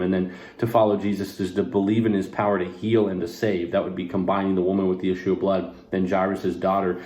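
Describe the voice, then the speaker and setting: A man's voice: low-pitched, mellow, roomy sound. A man serving as pastor, teaching a short devotional on a Bible passage, earnest and conversational, putting scripture into casual everyday words.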